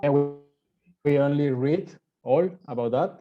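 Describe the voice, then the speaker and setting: Student in english class, halting, searching for words, muffled lo-fi sound. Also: medium pitch, soft background music. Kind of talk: answering in class.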